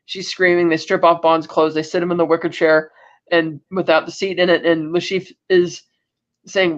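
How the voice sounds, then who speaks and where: A man with a notably high speaking voice recaps a film for a casual podcast. He tells it with animated energy, stumbling and restarting as he goes. The recording sounds dull and lo-fi. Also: moderate pace. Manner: animated retelling with frequent restarts and fillers. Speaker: podcast co-host.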